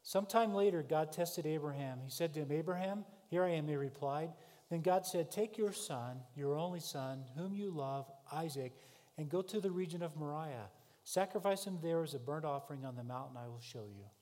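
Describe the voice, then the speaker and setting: A man preaching a sermon, telling the story with dramatic swings between loud and soft. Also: on the high side, moderate pace, big-room sound. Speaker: pastor.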